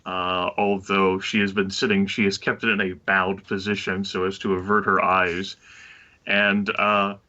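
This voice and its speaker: A man with a very low but bright voice, describing what his character does in a tabletop game. He speaks slowly and haltingly, with many fillers. The audio is dull and lo-fi. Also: level tone. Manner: slow, halting, full of fillers. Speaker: player.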